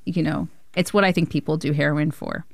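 An animated woman guest tells her story with easy laughter, acting out each line of dialogue. The recording is dry and close. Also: deep voice, a little fast, vocal fry, no echo. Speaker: film director, interview guest. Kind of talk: casual storytelling.

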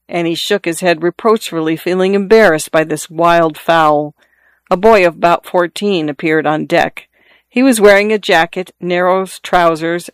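Audiobook narrator, measured and even, smooth voice, totally dry recording. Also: medium pitch, no room sound. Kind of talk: audiobook narration of a classic story.

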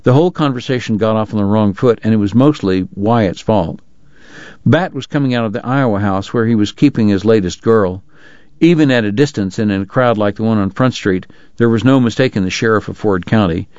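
A man reading an audiobook with wry, measured storytelling. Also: on the low side, darkish tone, no echo, muffled recording. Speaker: audiobook narrator. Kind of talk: scripted narration.

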